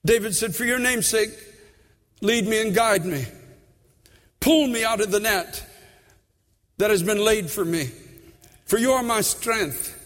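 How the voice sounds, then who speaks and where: A man preaching a sermon with his own testimony, fervent and repetitive, dropping to a hush and then building loud. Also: high voice, a little slow, pauses often, big-room sound. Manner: fervent, repeats phrases, swings between hushed and loud.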